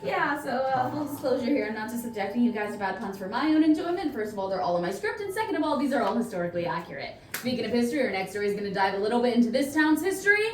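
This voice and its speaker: A woman's voice: fairly high pitch, sing-song, racing, few pauses. Playful young woman tour guide. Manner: playful, punny, chatty with the crowd. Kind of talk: scripted tour storytelling to a crowd. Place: outdoors on a night tour stop. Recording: echoey, distant, faint noise.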